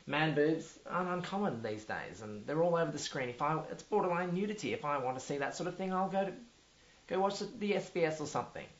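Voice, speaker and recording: A man's voice: on the high side, animated, fast, lightly acted. A man playing a pompous Australian drama teacher. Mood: self-important. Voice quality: pompous, rambling with many restarts. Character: pompous self-important male drama teacher. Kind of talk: mockumentary comedy. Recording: dull lo-fi audio in an echoey room with faint music.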